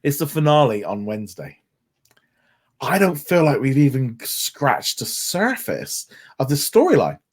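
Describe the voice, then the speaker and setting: A man's voice: medium pitch, huge pitch swings, unhurried, slightly rough. Brief: male podcast co-host, eager and rambling, casual review chat. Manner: enthusiastic, rambling with frequent restarts.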